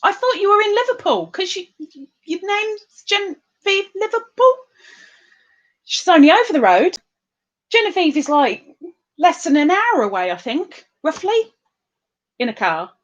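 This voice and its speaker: A high, bouncy woman, her voice leaping all over the place as she greets viewers one by one. She takes her time over each word, singing out hellos and giggling between comments. The sound is a little dull and lo-fi. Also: very animated, a little slow, pauses often. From England. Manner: chatty, sing-song greetings, giggly. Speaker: livestream host. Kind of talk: casual livestream chat reading comments.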